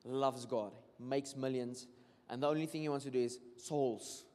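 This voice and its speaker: Preaching at a moderate pace in a mid-range voice, a South African-accented man mixes English and Afrikaans in his sermon. He brings stories to life by acting out quotes, and the church hall adds long reverb to the recording.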